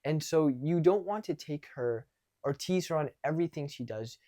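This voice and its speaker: A young man coaching guys on dating in a loose, animated monologue. His voice sits a bit high and sounds close and dry, with no room around it. He swears casually and speaks frankly. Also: normal speed, no room sound. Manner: animated, acts out quoted exchanges, swears casually.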